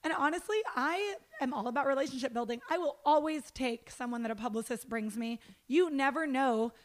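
A woman who works as a red carpet interviewer, telling stories in a casual chat, animated and full of "like" and "dude". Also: high-pitched, a little fast. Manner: animated storyteller, lots of "like" and "dude".

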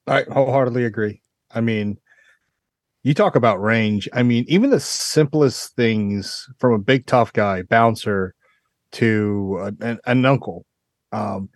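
A man co-hosting a podcast, chatting casually and telling stories in an animated way. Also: mid-range voice, unhurried, no room sound, clean studio sound. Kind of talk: casual chat.

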